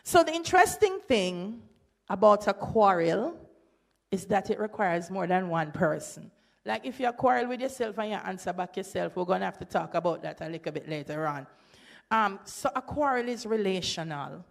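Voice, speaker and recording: A woman with a Jamaican accent giving an academic presentation at a symposium, breaking into lively patois quotes. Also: medium pitch, moderate pace, creaky. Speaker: symposium speaker. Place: lecture hall.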